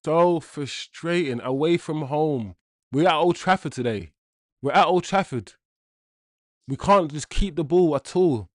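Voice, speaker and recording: Young man reacting to football, loud swings. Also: a little high, a little slow, dry recording, clean studio sound. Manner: loud swings from groans to shouts, slang-heavy. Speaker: watchalong streamer. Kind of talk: live football watchalong reaction.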